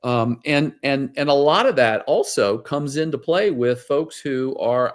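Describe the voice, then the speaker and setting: A man's voice: medium pitch, animated, a little slow, hardly any pauses. Man telling stories with many fillers. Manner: storytelling, many fillers and restarts. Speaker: guest financial advisor. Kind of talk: casual interview talk.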